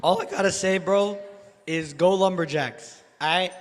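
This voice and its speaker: A hoarse man announcing contest winners at a banquet, joking and hyping up the crowd. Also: high voice, measured pace, big-room sound, background noise. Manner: joking, playful, hypes the crowd. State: hoarse from losing his voice. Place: large banquet hall.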